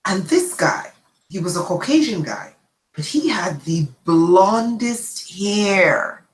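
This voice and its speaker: Animated, chatty woman storyteller, roomy sound. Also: mid-range voice, takes it slowly. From immigrant to the United States. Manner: chatty, animated, checks in with "okay?". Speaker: channel host. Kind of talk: casual livestream storytelling.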